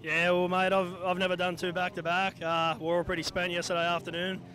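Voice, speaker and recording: An Australian man in sidecar racing, answering in a tired, low-key way. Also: monotone, fairly quick. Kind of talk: casual trackside interview. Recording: outdoors with loud crowd behind.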